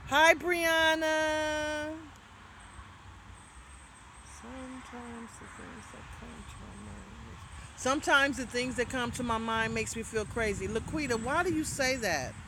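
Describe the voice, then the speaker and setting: Reading out viewer comments, a livestream host gives spiritual advice in a loose, rambling way, often trailing off and starting over. Her voice is fairly high and bright at a normal speed, with a little hiss or hum present.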